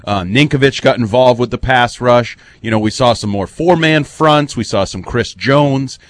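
A man's voice: mid-range voice, moderate pace. A man giving opinionated, long-winded football analysis on a postgame radio show in a studio.

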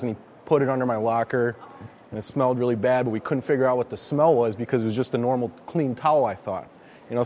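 A young man, a rookie football player, telling a casual story in a relaxed way. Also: mid-range voice, a little hiss or hum. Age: young adult. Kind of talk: casual anecdote.

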